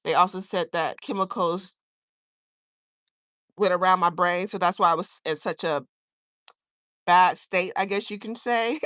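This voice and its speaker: A woman's voice: fairly low pitch, a little slow, long pauses, fairly bright tone, dry recording, studio quality. Rambling, earnest woman chatting on a livestream. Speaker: livestream host. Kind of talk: casual livestream chat. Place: home garden, outdoors.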